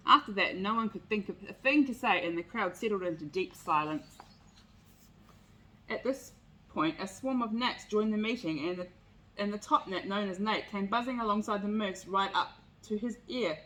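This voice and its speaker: A woman's voice: mid-range voice, normal speed, fairly bright tone, low-quality recording. A woman reading a picture book aloud with expression. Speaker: storyteller.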